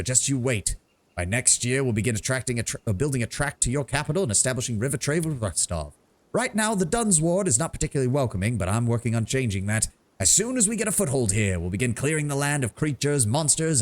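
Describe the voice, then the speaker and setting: A man voicing a jovial, burly frontier lord who is friendly and shrewd, speaking in a hearty, talkative way. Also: medium pitch.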